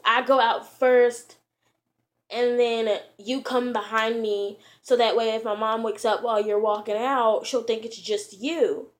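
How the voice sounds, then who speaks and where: Woman vlogger, slightly high pitch, casual rambling storyteller, slangy and filler-heavy. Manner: rambling, full of "like" and "you know", slangy.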